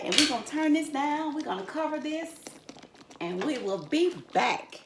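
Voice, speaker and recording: A woman's voice: fairly high pitch, very animated, measured pace, noisy background. An older woman, chatting folksily through a home cooking demonstration and calling her viewers honey and y'all. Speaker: home cook host. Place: home kitchen. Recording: echoey kitchen with cookware clatter.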